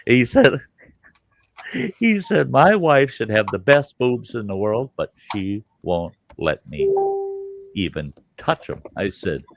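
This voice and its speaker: Low-voiced Midwestern man telling a story. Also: slow pace, vocal fry, soft background music. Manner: animated storyteller, acts out voices, swears freely. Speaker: livestream host. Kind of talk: casual storytelling chat.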